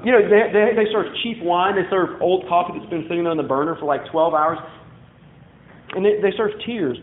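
A man preaching a sermon as pastor, swinging from loud emphasis to hushed, drawn-out words. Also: high voice, slight background noise. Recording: echoey room on a tinny phone-like line.

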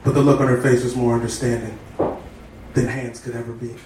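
A man reading a story aloud at a live comedy show, deadpan, with stumbles and asides. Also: mid-range voice, fairly quick. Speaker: comedy reader. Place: live comedy stage indoors. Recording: echoey room, distant mic, noisy.

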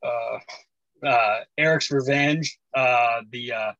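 A man in his forties, a podcast guest, telling animated stories in casual chat, acting out voices and laughing often. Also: medium pitch, slow, no echo, lo-fi sound. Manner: animated storyteller, acts out quotes, laughs often.

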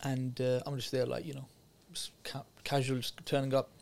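A man recounting a trip as a podcast guest, earnest and chatty with plenty of slang. His voice sits at an ordinary middle pitch. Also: completely flat delivery, quick pace, gravelly, darkish tone. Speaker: podcast guest, youth worker. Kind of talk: casual chat, storytelling.

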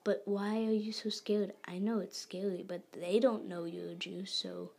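A woman voicing a smirking boy who turns out to be a spy, in a whispery, gravelly voice. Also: medium pitch, steady tone, moderate pace, a little mellow. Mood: casual. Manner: smirking, cold. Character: boy turned German spy, smug and menacing.

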